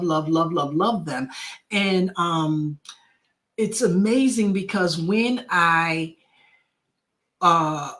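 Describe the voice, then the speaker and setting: A woman's voice: fairly low pitch, fairly bright tone. Emotional grieving woman sharing her story. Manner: heartfelt, repeats words, many fillers. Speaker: podcast host. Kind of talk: personal talk on grief.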